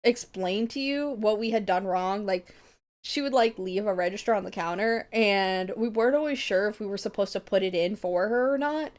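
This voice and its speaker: A young woman streamer talks casually with her audience. She rambles through her stories, swears freely and laughs often. Her voice sits at an ordinary pitch for a woman. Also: moderate pace. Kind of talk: casual chat.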